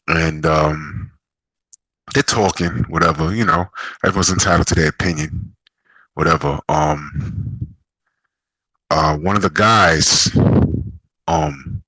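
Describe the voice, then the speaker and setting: A man's voice: lowish voice, pushed and bright, no echo, rough recording. Profane, rambling storytelling man. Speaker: podcast host. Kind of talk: casual group chat about games and boxing.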